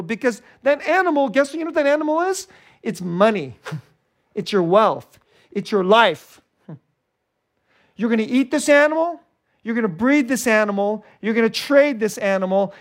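Animated preacher swinging loud to hushed. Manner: animated, swinging from loud high emphasis to hushed low delivery; repeats and restarts phrases, chuckles between points. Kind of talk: sermon.

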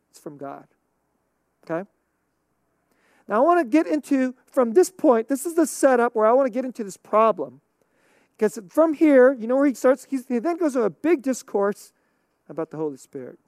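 A woman's voice: on the high side, warm tone, dry recording, clean studio sound. A middle-aged woman pastor preaching a conversational sermon, laughing often and checking in with "okay?".

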